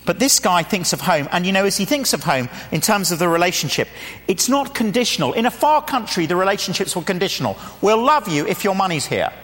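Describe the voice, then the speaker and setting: Lively English preacher in an echoing hall. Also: male voice, high voice, fast talker. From England. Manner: animated storytelling with rhetorical questions and acted-out quotes. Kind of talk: sermon.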